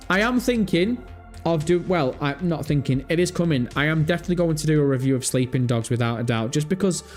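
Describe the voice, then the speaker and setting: Man, casual live-stream host, animated, swears a lot, mid pitch, faint music behind. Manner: animated, swears freely, thinks aloud.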